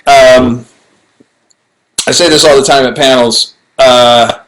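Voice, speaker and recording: A middle-aged actor chatting alone to a webcam during a fan Q&A, playful and rambling with self-mocking asides, recorded on low-quality livestream audio. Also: male voice, steady tone, slow, fairly bright tone. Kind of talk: casual chat to webcam. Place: home, alone in front of a camera.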